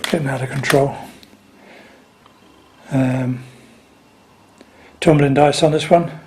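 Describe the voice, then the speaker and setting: Unhurried man with dry asides. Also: mid-range voice, steady tone, a little hiss or hum. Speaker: record collector. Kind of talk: casual talk to camera.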